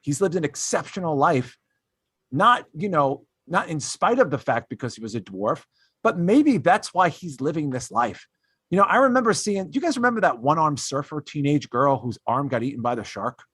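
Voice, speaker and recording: A man's voice: a little high, sing-song, moderate pace, a bit bright, husky, no echo, studio quality. A man hosting a casual comedy podcast, ranting in an exasperated way with lots of fillers and restarts. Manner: switches to mocking put-on voices when quoting others. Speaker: podcast host.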